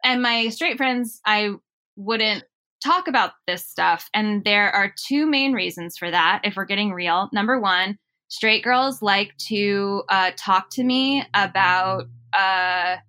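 A woman's voice: medium pitch, slow pace, sharp tone, clear, resonant tone. A woman talking casually as a podcast guest, rambling and often breaking off to restart her thoughts. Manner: rambling, self-interrupting, laughs often. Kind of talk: casual conversation.

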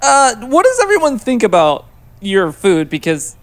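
A man asking deadpan questions in an improvised comedy sketch. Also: high-pitched, moderate pace.

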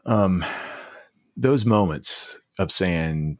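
Low, husky man telling earnest stories. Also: no echo, studio quality. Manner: earnest, halting, with many restarts. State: emotional. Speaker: podcast guest. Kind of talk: reflective storytelling.

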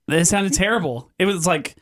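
A male podcast producer and co-host chatting about a bad movie, throwing in quick asides and laughing often. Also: sits high, fairly bright tone. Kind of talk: casual movie-review chat.

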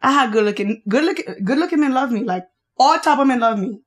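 Blunt Haitian-accented young woman, bright pitch. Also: expressive. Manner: blunt, frank and playful, quick bursts. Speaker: podcast guest. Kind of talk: casual chat.

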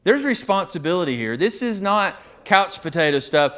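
A man preaching a sermon, animated, often acting out quoted voices of others. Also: high-pitched, normal speed, hardly any pauses, clear, resonant tone. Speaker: pastor.

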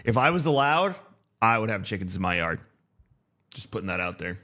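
A man's voice: lowish voice, sing-song, fairly quick, sharp tone. A man in his thirties co-hosting a casual podcast, talking in an easygoing, rambling way with many ums. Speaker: podcast co-host.

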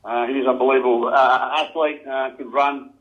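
A man's voice: medium pitch, level tone, moderate pace. A man in his fifties with an Australian accent, a former footballer guesting on a radio chat, laid-back and saying "mate" constantly with frequent chuckles. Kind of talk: casual radio interview. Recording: tinny phone line.

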